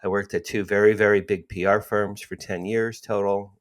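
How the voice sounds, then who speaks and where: A man in his sixties with a fairly low voice tells his story with animation. He acts out the dialogue and repeats himself for emphasis, a guest on an interview podcast. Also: flat delivery, moderate pace. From New Jersey, USA. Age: 60s.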